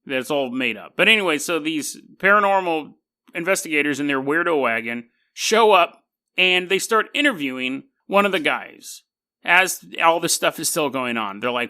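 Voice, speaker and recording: A man's voice: a little high, expressive, moderate pace, sharp tone. A man hosting a podcast, telling a story in a casual monologue with wry, skeptical asides and frequent laughter. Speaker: podcast host.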